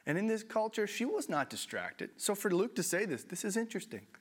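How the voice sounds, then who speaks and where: Male pastor, sermon, lively pitch, chatty, self-deprecating. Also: fairly quick, husky. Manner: animated, conversational, self-deprecating.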